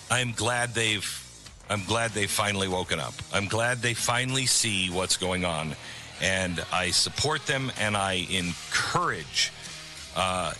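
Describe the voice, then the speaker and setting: A man's voice: on the low side, pushed and bright. A middle-aged man hosting a talk radio show, speaking in a conversational, rambling way with sarcastic asides. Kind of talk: talk radio monologue with live ad read.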